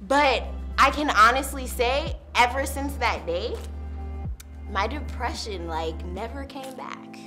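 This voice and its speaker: A young adult woman, a university student, shares her personal testimony in a candid, casual way, peppering it with "like" and "literally." Her voice is on the high side and she takes her time, with music playing in the background.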